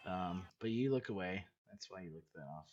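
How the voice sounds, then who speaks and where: Guy coach going over game tape, blunt and sweary, lowish voice, kinda dull lo-fi sound. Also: a little fast, darkish tone, a little hiss or hum. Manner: blunt, swears casually, repeats himself. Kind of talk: casual game film breakdown. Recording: dull lo-fi recording.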